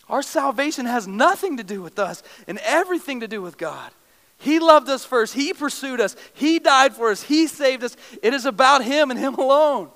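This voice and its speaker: Guy preaching a sermon, really high voice, emotive and jokey, big hall echo. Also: fairly bright tone. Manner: emotive, storytelling with self-deprecating humor. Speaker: pastor. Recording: long reverb of a large hall.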